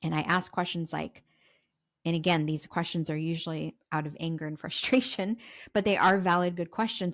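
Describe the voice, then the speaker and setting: A woman's voice: fairly low pitch, fairly even intonation, moderate pace, no room sound, clean studio sound. A young adult woman hosting a podcast, in a raw, emotional confessional monologue. She swears, repeats herself, and says her throat is sore. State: throat sore while sharing. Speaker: podcast host and self-love coach.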